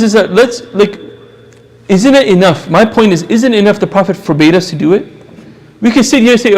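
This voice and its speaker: A man giving an impassioned religious lecture, repeating phrases for emphasis. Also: high voice.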